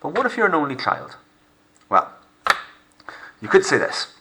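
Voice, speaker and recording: A male French teacher narrating a recorded remote lesson, slowing down to model pronunciation for pupils to repeat. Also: on the high side, wildly swooping pitch, background noise. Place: home recording for lockdown learning.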